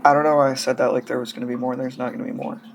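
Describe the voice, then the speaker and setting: A doll-hobby vlogger, male, rambles and gushes casually through hobby news, sounding feverish as he comes down with a cold. His medium-pitched voice barely moves in pitch and runs very fast, with slight background noise.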